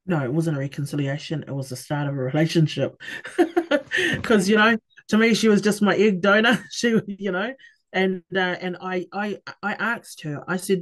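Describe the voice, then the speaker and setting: With a fairly low pitch and lively intonation, a middle-aged woman candidly tells her personal story as a podcast guest. Her speech is halting, with restarts, and she acts out quoted exchanges.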